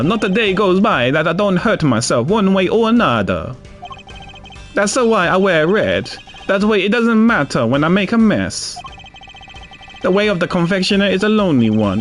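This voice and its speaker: A man's voice: sits high, big pitch swings, moderate pace, soft background music. A man voicing a proud, flamboyant male pastry chef in a put-on Italian accent with a sing-song tone, reading game dialogue aloud. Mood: grandiose. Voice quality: sing-song, rising and falling tone.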